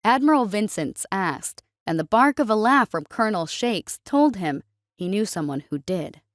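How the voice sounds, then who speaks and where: Steady woman narrating a story. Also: medium pitch, normal speed, dry recording, clean studio sound.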